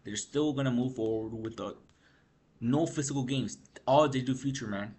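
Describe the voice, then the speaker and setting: This guy vlogs gaming news as a loose, slangy rant, running on too little sleep and tossing out "bro" and "freaking" constantly. His medium-pitched voice moves at a normal speed with a slightly mellow quality.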